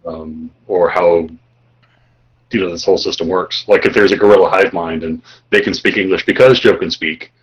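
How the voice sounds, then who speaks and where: Deep, husky male player on muffled audio. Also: normal speed. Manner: inquisitive, reasoning things out. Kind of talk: tabletop role-play, asking the game master questions.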